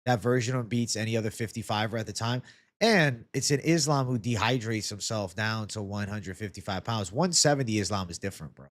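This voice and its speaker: A man's voice: on the low side, a little fast, dry recording, clean studio sound. A young man hosting a casual MMA live stream, chatting loosely, answering viewer comments and swearing freely. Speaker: MMA YouTube host.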